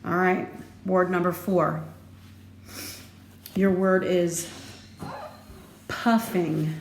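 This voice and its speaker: A woman teacher giving a recorded phonics lesson, slow and deliberate, playful, with sudden lively jumps in her voice. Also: fairly low pitch, vocal fry. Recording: echoey room with faint background noise.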